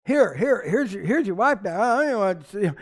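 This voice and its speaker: A man's voice: high-pitched, big pitch swings, fast talker, heavily acted. Preacher doing god as a slangy blunt guy, scolding, kinda casual. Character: God as a blunt, streetwise man.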